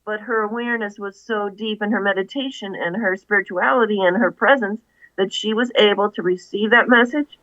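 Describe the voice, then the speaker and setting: A woman's voice: mid-range voice, fairly even intonation, fairly quick, a bit bright, dry recording, muffled recording. A woman, an author guest, earnestly retelling a story in an interview, with many asides.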